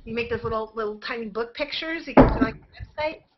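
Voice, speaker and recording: Lively higher-voiced woman storyteller. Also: fast, muffled recording. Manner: animated storyteller, laughs often. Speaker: participant in a group call.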